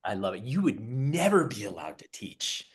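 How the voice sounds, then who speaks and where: A man's voice: on the low side, big pitch swings, moderate pace. A man co-hosting a casual podcast, talking bluntly and firmly about coaching. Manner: blunt, firm coaching talk. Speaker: podcast co-host. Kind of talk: casual chat.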